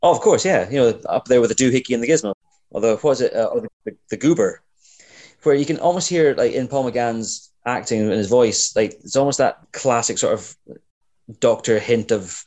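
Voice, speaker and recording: A man co-hosting a podcast, chatting in an animated, colloquial, blunt way. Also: medium pitch, fairly quick. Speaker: podcast co-host. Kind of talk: casual chat.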